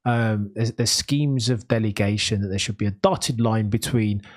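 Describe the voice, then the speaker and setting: A man's voice: on the low side, fairly even intonation, normal speed. A man from Birmingham, England hosting a podcast, explaining a story in earnest, casual commentary. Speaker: podcast host.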